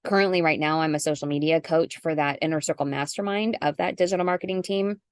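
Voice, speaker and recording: Brief: middle-aged woman sales coach, chatty and animated, dry close video-call mic. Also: sits low, quick pace, clean tone, dry recording. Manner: chatty, animated, acts out sample messages. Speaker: guest coach. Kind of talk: casual zoom call.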